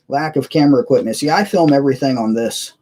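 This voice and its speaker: A man's voice: mid-range voice, fast talker, warm tone. A man hosting a casual live stream from his computer, rambling and chuckling as he reads viewers' messages aloud. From United States. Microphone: cheap webcam mic.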